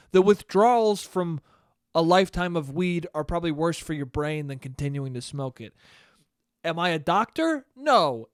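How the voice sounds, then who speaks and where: A young man telling a rambling, profane story alone on his podcast, bursting into loud outbursts. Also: a little high, no room sound, studio quality. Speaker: podcast host. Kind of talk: solo podcast monologue.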